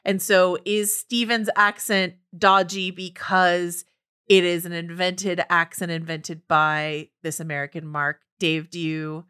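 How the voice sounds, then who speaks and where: A woman with a bright, clear voice leads a casual podcast discussion. She is playful and keeps turning the talk over to her co-hosts with questions. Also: fairly low pitch, flat delivery, takes it slowly. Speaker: podcast host.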